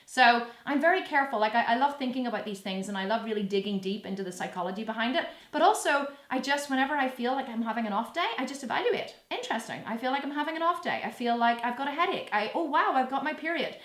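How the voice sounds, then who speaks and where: A woman's voice: a little high, animated, fast, hardly any pauses, a bit bright, roomy sound. A woman in her thirties chatting bluntly and sassily to camera, swearing freely and mimicking people in playful voices. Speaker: fitness vlogger answering viewer questions. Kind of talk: casual direct-to-camera chat.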